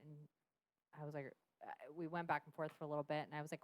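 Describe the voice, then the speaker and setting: A woman's voice: low voice, little pitch movement, quick pace, smooth, no echo. A woman in her thirties, a podcast guest, frankly telling a personal story with frequent swearing and laughter. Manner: frank, profane, laughs often. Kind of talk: candid storytelling.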